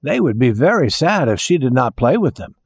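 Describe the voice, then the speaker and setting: A man narrating a children's storybook in a slow, gentle, expressive way. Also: mid-range voice, creaky, husky, dry recording, clean studio sound.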